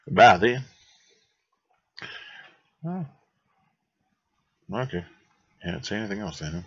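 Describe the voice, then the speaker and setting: A man voicing a world-weary, cynical male detective in a low, deadpan way. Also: slow pace, husky, no echo, exaggerated voice. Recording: dull dry lo-fi mic.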